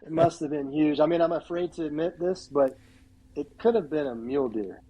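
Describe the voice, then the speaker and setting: Speaking fairly quickly in a slightly rough, higher-pitched voice, a middle-aged podcast guest tells a hunting story with lots of animation. He says "like" constantly and acts out people's quotes, all on poor-quality audio.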